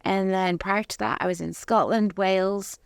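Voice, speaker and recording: A middle-aged woman from Zimbabwe, a guest telling her story in a rambling way with many pauses and laughs. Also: mid-range voice, steady tone, creaky, smooth, no room sound, clean studio sound. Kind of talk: casual interview chat.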